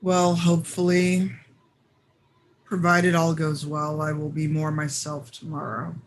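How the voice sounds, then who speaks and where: A man's voice: a little high, completely flat delivery, unhurried, a little hiss or hum, poor audio. A man voicing a weary, guarded Inquisitor in a fantasy tabletop game, speaking formally and with reserve. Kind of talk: in-character tabletop role-play.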